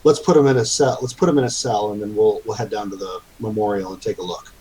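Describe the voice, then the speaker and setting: A cautious town sheriff, as a man voices him at the table, speaking plainly and deliberately in a fairly soft tone. The voice sits close to a normal man's speaking voice. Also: on the low side, steady tone, a little hiss or hum, close to an everyday voice, low-quality recording.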